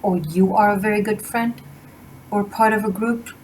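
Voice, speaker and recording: In poor audio with slight background noise, a tarot reader gives a casual spiritual reading to camera. Her mid-range voice is a little mellow, with a steady tone and moderate pace, though she gushes, rambles, and restarts often.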